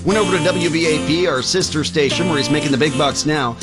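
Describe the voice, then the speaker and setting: A male morning radio host chatting and joking with his co-host in animated banter. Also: a little high, quick pace, loud music behind the voice.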